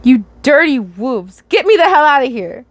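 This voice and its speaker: A woman's voice: medium pitch, expressive, a little slow, dry recording, natural voice. A woman voicing a furious burnt slasher man who hisses and snarls curses while reading a story aloud.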